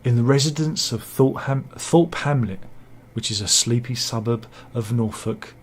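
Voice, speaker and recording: A man's voice: mid-range voice, moderate pace, slight background noise. A man giving casual satirical news commentary, full of wry self-mocking asides and mock-dramatic quips. He talks over pictures he shows. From England.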